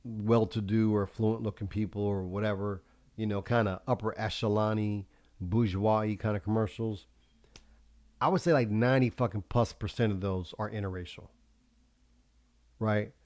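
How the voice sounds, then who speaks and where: A man's voice: on the low side, fairly even intonation, moderate pace, darkish tone, no echo. A man hosting a livestream talk show in a rambling, profane monologue, laughing often as he goes. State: high.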